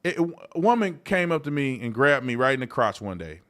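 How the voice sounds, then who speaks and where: A man hosting a live-streamed talk show in a casual, colloquial way, swinging from loud outbursts to low mutters and often repeating himself. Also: very animated, a little fast. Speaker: host.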